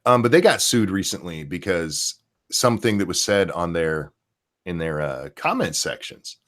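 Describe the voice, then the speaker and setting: A man's voice: low-pitched, lively intonation, moderate pace, fairly bright tone. A man hosting a podcast, talking in a casual, profane, rambling way about the news. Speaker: podcast host. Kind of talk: casual opinion chat.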